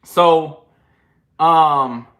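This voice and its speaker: A man's voice: fairly high pitch, very slow. A young man in a casual trading livestream, talking loose and slangy, out of breath after push-ups. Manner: loose, slangy and animated, counting push-ups between chart talk. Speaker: trading channel host.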